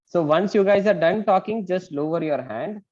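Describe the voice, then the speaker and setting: A man's voice: high-pitched, normal speed, darkish tone. A man teaching an online class, asking questions and explaining step by step. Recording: muffled lo-fi call audio.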